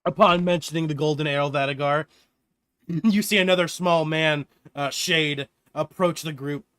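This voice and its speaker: A man narrating as game master of a tabletop game, relaxed and often laughing. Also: on the high side, moderate pace, clean tone, no room sound, studio quality.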